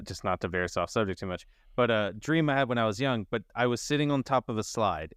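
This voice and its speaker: A man's voice: medium pitch, no room sound, clean studio sound. A man co-hosting a podcast, rambling through an anecdote and reacting with short agreements. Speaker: podcast co-host. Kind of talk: casual chat.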